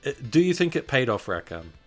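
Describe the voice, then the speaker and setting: A man co-hosting a podcast in casual chat, joking dryly and trailing off quietly at the ends of his sentences. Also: medium pitch, very animated, brisk, faint music behind. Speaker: podcast co-host.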